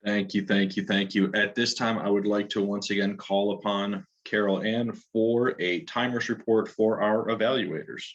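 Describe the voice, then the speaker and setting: A man's voice: lowish voice, steady tone, normal speed, hardly any pauses. A man hosting a club meeting, making formal, polite announcements over a video call. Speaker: meeting host. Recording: dull lo-fi video call audio.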